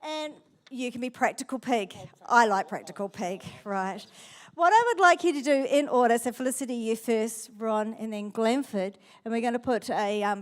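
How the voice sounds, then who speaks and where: A woman pastor giving a sermon in church with lively, playful storytelling. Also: on the high side.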